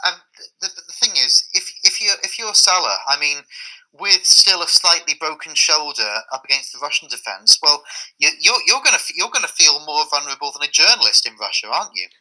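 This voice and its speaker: A man's voice: fairly high pitch, very animated, brisk, sharp tone, rough recording. A man co-hosting a casual podcast chat, stumbling through restarts before landing dry, wry remarks. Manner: hesitant, with many stumbling restarts. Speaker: podcast co-host.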